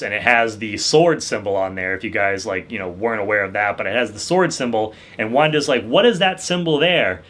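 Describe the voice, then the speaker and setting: A man's voice: medium pitch, bright, forceful tone. A young man hosting his channel, talking through a TV episode in a loose, rambling way, packed with "like" and "you know" fillers. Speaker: channel host reviewing a TV episode. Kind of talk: casual review chat.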